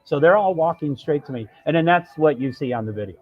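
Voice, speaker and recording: A man tells a winding story on his live stream, cutting himself off and slipping into quoted lines. His voice is husky and sits a little high. The stream audio is dull and lo-fi, with faint music underneath. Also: lively intonation, quick pace. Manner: rambling, self-interrupting, quotes others. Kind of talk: casual storytelling.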